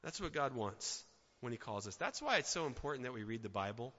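A man preaching a sermon as a pastor, swinging between loud emphatic outbursts and quiet, soft asides. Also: mid-range voice, very animated, a little fast. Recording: dull sound with long hall reverb.

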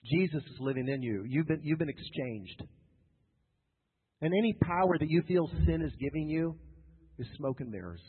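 A man's voice: fairly high pitch, expressive, normal speed, long pauses, slightly rough. A man preaching a sermon to a congregation, emphatic and repetitive, with joking asides. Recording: tinny lo-fi sound with long hall reverb.

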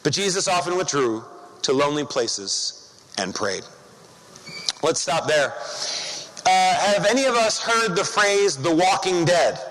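Male pastor, high voice, casual conversational sermon delivery with rhetorical questions, in a church with long reverb. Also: expressive, unhurried, a bit bright.

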